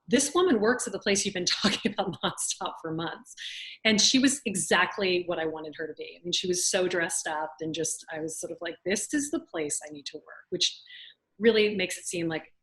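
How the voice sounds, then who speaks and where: Southern US woman guest, 40s, lower voice, animated storyteller with frequent laughs. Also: poor audio. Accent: Southern US (Louisiana). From Louisiana, USA. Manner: lively, laughs often, acts out quotes. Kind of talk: storytelling in an interview. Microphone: video call.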